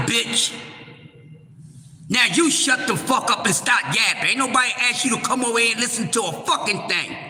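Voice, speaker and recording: A man hosting a live stream, recapping a boxing press event and cursing out a troll in his chat in a heated, shouting manner. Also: extremely high pitch. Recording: echoey room with long reverb.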